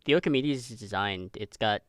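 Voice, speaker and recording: A man's voice: on the low side, brisk, smooth, no room sound, clean studio sound. A man running a tabletop game as game master, thinking aloud with hedging words.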